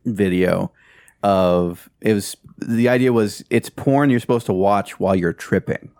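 A man's voice: on the low side, a little slow, darkish tone, no room sound. A man answering listener questions in an offhand, dry way during casual podcast chat.

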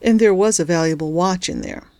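A woman reads a novel aloud in a steady, measured way. Her voice is on the low side. The recording is dry and close, with no room sound. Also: no room sound. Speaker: audiobook narrator. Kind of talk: scripted narration.

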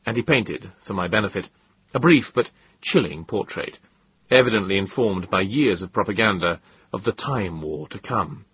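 Husky low guy reading a novel, measured, dull dry sound. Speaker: narrator. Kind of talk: audiobook narration.

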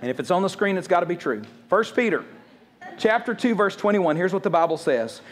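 Fast-talking, high-voiced male pastor preaching. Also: animated. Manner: fast, conversational preaching with quick jokes and acted-out quotes. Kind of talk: sermon.

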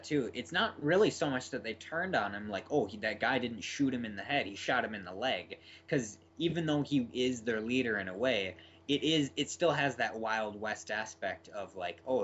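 Man, podcast co-host, rambling, eager, mid-pitched, slightly dull sound. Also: fairly bright tone, a little hiss or hum. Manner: rambling, enthusiastic, many fillers. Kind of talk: casual film discussion.

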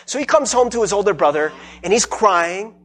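Animated husky-voiced man preaching. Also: high-pitched, brisk. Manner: animated, acts out everyday dialogue with repeated "right?". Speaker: pastor. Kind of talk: conversational sermon.

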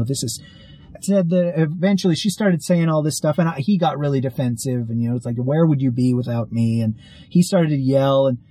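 A man recounts a story in a loose, casual way, stopping and restarting often. His voice is warm and a little husky. The recording is dry and close. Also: medium pitch, no room sound, rough recording. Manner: rambling, many fillers and restarts.

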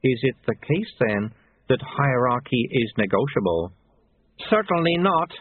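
A man voicing a calm, earnest young man in an audiobook. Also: medium pitch, a little slow, husky, dry recording, phone-quality sound.

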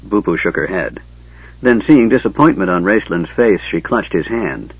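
Husky male audiobook narrator. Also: sits low, moderate pace, no echo. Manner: expressive, clear storytelling. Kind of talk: scripted narration. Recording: dull lo-fi tape, dry.

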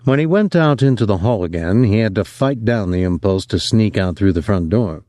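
A man narrating a novel in a measured, expressive storytelling manner. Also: fairly low pitch, no room sound. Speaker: audiobook narrator.

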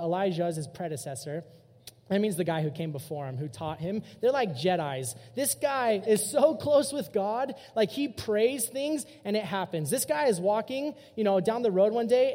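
A young man giving a youth sermon, telling stories in a casual, animated way. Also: sits high. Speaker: youth pastor. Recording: long hall reverb.

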